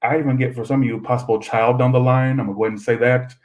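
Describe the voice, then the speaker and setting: A man's voice: medium pitch, steady tone, rapid-fire, rough recording. Rambling, profane male tarot reader. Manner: chatty, rambling, swears freely. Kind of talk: live-stream tarot reading.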